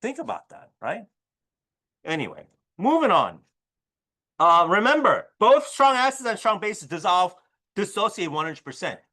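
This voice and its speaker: A man teaching a high school chemistry class and telling stories, with an animated delivery that keeps asking the students "right?". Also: measured pace, long pauses. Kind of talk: classroom lecture with storytelling.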